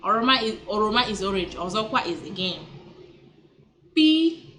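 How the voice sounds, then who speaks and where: Speaking at medium pitch in a pushed, bright voice, a female language teacher gives a casual vlog lesson, repeating words slowly, chatting and correcting herself along the way.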